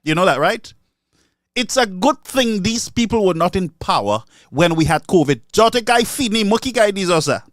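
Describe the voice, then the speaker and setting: A man with a Saint Lucian accent delivers a mocking political commentary, slipping between English and Creole. His voice sits high for a man. The recording is dry, with no room sound. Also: lively intonation, normal speed, a bit bright, no echo. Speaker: online commentator.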